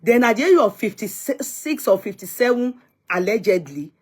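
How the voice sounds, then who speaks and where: A woman's voice: fairly high pitch, lively intonation, moderate pace, darkish tone, slightly rough. A young woman with a Nigerian accent giving earnest, pleading commentary in a vlog, often repeating herself as she talks. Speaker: vlogger.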